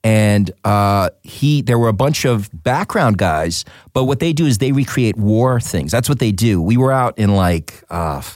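Lively storytelling male actor. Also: lowish voice, measured pace, few pauses, dry recording, studio quality. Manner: animated, storytelling with many fillers. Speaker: actor guest. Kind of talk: casual interview chat.

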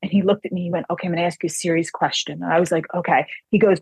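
A woman author telling an animated personal anecdote in casual chat, quoting the people in it. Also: lowish voice, very fast, creaky, breathy edge, no room sound.

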